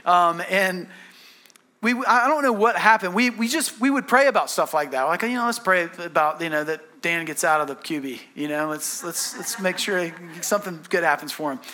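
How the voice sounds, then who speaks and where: A bright, high-voiced man preaches a sermon with easy, conversational storytelling. He often restarts his sentences. He leans forward into each story. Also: moderate pace. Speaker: pastor.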